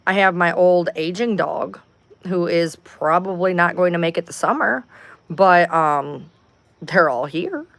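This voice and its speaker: Woman, lowish voice, casual livestream chat, rambling, profane, exasperated, at home. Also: measured pace, creaky, a bit bright, dry recording. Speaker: livestream host.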